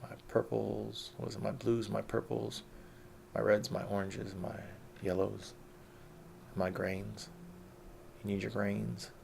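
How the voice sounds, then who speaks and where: A man's voice: on the low side, monotone, slow pace, long pauses, a little mellow, slight background noise. A middle-aged man ranting in an unscripted vlog, profane, combative and mocking. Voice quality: gravelly. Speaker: vlogger. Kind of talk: unscripted rant.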